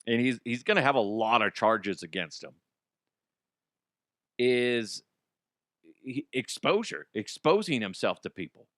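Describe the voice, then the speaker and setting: Animated, profane male radio host. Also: medium pitch, unhurried, long pauses, no echo, clean studio sound. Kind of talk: crude comedic news talk.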